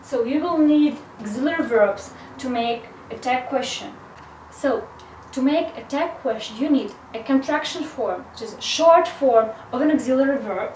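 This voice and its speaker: High-voiced woman teaching in an echoey room. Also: darkish tone, a little hiss or hum. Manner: slow, careful explanation with frequent "so". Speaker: English teacher. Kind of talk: video grammar lesson. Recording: echoey room, mic at a distance.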